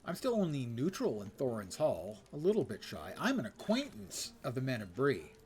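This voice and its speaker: A man's voice: medium pitch, wildly swooping pitch, moderate pace, a little mellow. An older man streaming a game, giving casual, wry, self-mocking commentary and reading quest text aloud.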